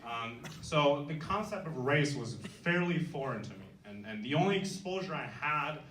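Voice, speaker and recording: A man's voice: a little high, moderate pace, a little hiss or hum. Young man doing crude stand-up. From China. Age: young adult. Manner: crude, irreverent, deadpan punchlines. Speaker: stand-up comedian. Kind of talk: stand-up comedy set. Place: university comedy event before a live audience. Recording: echoey room, distant mic, loud audience laughter.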